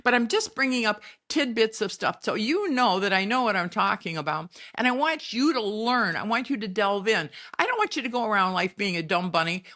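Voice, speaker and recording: A middle-aged woman with a bright, ringing voice delivers a spiritual advice monologue. She lectures in a folksy, emphatic way and scolds her listeners as she goes. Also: mid-range voice, sing-song, brisk. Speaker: podcast host.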